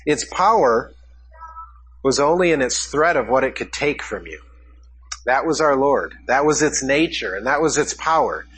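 A man's voice: medium pitch, animated, moderate pace, fairly bright tone, slight background noise, low-quality recording. A man preaching a sermon, asking his congregation questions as he teaches from a passage. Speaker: pastor.

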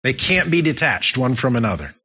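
A man's voice: mid-range voice, sing-song, brisk, pushed and bright, breathy edge. A man preaching a sermon as pastor, emphatic and repeating his key phrases for effect. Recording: dull lo-fi sound.

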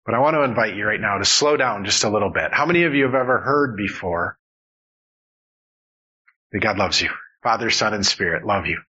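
A male pastor delivers an earnest sermon, his voice bright and a little husky. He leans on repetition to build his points. The sound is slightly dull, like a modest church recording. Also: on the low side, animated, fairly quick. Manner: earnest, emphatic preaching with repetitions.

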